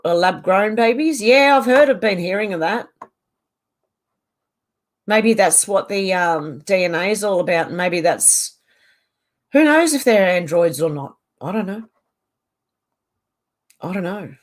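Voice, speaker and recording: A middle-aged Australian woman chatting casually from her home on a livestream, reading out and answering viewer comments. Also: lowish voice. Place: home on a mountain.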